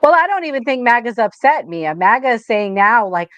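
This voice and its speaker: A woman hosting a casual political chat, lively and animated. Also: a little high, fairly quick, hardly any pauses, no echo. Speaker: host.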